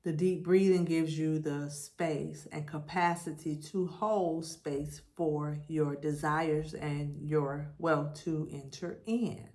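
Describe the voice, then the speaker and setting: A woman speaks in a fairly low voice at an unhurried pace while giving a spiritual tarot reading. She circles back on her phrases and leads the listener through repeated affirmations. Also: steady tone, darkish tone. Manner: slow, repetitive, affirmation-style. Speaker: tarot reader.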